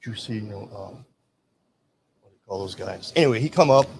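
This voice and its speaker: A man's voice: on the low side, animated, brisk, creaky, darkish tone, a little hiss or hum. Older man telling army stories. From Michigan. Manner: rambling storyteller, acts out quoted dialogue. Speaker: veteran guest. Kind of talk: casual storytelling.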